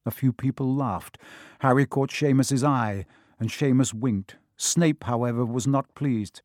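A man reading a children's novel aloud in a measured, expressive storybook narration. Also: mid-range voice, no echo, studio quality. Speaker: audiobook narrator.

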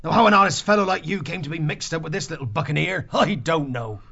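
A man reading an audiobook, voicing a big burly male otter captain, hearty and gruff. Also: fairly high pitch, quick pace, pushed and bright, dull audio, pitched above the performer's own voice, full character voice.

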